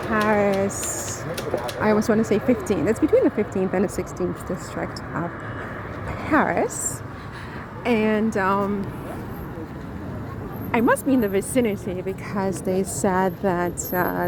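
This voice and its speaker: A woman vlogging as she walks outdoors, talking theatrically and dramatically, swinging between playful and indignant. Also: mid-range voice. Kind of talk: casual vlog, walking outdoors. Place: outdoors by a river in a city. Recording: outdoor street noise behind.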